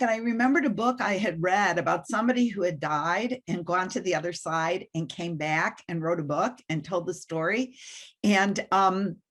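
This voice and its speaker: A woman's voice: mid-range voice, a bit bright. A woman guest on an interview, telling a personal story with animation and self-deprecating humor. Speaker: guest mentor.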